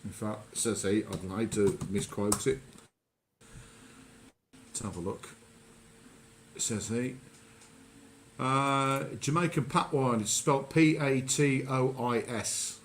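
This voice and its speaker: A man's voice: medium pitch, takes it slowly, long pauses, slight background noise. A man hosting a casual radio chat, rambling and often correcting himself mid-sentence. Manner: rambling, self-correcting, chatty. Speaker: radio show host.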